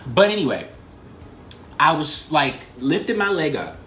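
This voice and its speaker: A man in his twenties telling an embarrassing story in a fast, animated and profane way, full of slang and "like" fillers. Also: on the high side, slight background noise. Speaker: vlogger. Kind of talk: casual storytime. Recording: roomy echo.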